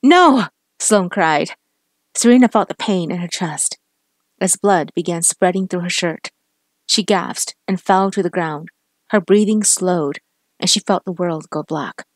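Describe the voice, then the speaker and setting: Woman reading a crime story, low voice, close dry recording. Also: a little slow, dry recording. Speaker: story narrator.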